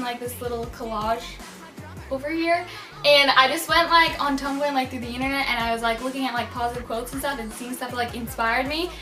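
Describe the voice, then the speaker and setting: High-pitched young woman, chatty, far off. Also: bright, forceful tone, echoey room. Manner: chatty, heavy use of "like".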